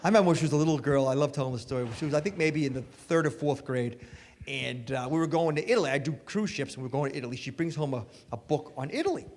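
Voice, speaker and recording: A middle-aged man performing a stand-up comedy set with animated, punchy storytelling, recorded live on stage. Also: fairly high pitch, quick pace. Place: comedy stage before an audience. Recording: live hall with reverb, faint noise.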